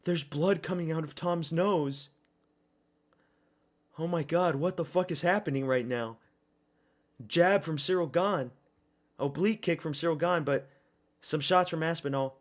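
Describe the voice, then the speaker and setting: A man streaming a watch party, giving excitable, profane live reactions to a fight and often repeating himself. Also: a little high, measured pace, pauses often.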